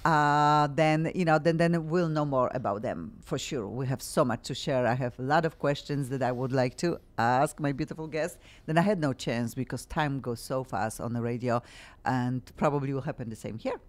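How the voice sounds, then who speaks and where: A woman's voice: a bass voice, normal speed. A woman hosting a talk show, gushing over her guests with effusive compliments. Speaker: host. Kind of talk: casual chat.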